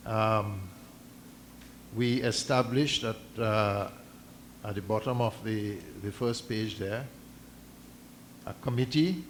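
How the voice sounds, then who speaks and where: Guy talking at a community meeting, slow and careful, reads from papers, stumbles a bit. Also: mid-range voice, slight background noise. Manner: measured, deliberate, halting with restarts, reads out documents. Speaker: mosque community representative addressing a meeting. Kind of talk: formal address to a meeting. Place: islamic centre meeting hall.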